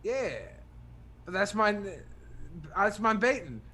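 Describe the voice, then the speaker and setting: Slow-talking high-voiced male guest. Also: pushed and bright, slight background noise. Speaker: podcast guest. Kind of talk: casual comedic chat.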